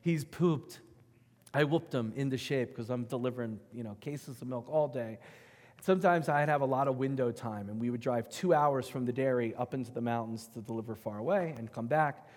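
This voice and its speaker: Animated male preacher in a reverberant hall. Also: mid-range voice, normal speed. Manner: animated, emphatic storyteller who swings between loud and hushed. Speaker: pastor. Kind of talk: sermon with personal storytelling. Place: church sanctuary.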